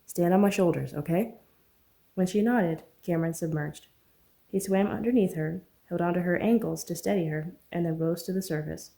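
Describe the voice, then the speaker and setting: A woman author narrating her own novel as an audiobook, earnest and steady. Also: on the low side, moderate pace, creaky.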